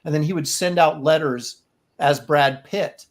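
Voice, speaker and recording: A man's voice: a little high, a little slow. A man with a slightly raised voice chats casually as a co-host. He tells long, winding stories and breaks into laughter often. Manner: laughs often, lively rambling storytelling. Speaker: artist co-host. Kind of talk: casual chat.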